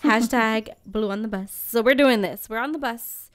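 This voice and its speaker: Animated young woman storyteller. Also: a little high, moderate pace. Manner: animated, acts out voices in her stories, swears casually. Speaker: podcast host. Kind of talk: casual storytelling chat.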